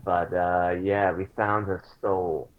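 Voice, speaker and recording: A man's voice: low-pitched, level tone, takes it slowly, narrow, tinny audio. A man playing in a tabletop game, rambling in loose, casual grammar over call audio. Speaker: player. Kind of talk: in-character tabletop chat.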